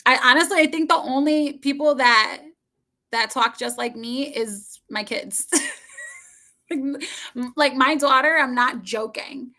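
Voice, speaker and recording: Bright-voiced chatty middle-aged woman. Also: sits high, measured pace. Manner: rambling, chatty, laughs often. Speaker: livestreamer. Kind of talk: casual chat with viewers.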